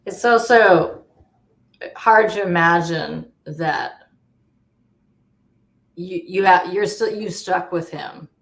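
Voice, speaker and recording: A woman guest in a casual panel chat, speaking in a hesitant, thoughtful way with many pauses and fillers. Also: lowish voice. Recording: roomy echo.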